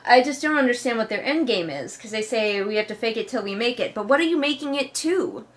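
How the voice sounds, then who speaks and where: A woman's voice: a little high, lively intonation, brisk. A woman giving sarcastic, mocking commentary while reading along with a book she dislikes. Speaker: book reviewer. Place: home couch.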